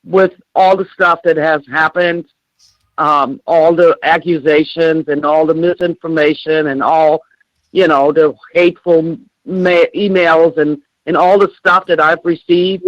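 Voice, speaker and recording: A woman's voice: low-pitched, fairly even intonation, measured pace, dry recording, dull audio. An older woman, a grieving grandmother, speaking angrily and bluntly as a guest on a call-in show, swearing and repeating herself. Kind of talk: emotional interview on a call-in show.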